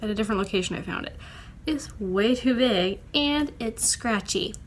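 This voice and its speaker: A woman's voice: a little high, moderate pace, slight background noise. A young woman, chatting casually in a writing vlog, rambling with lots of fillers. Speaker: vlogger.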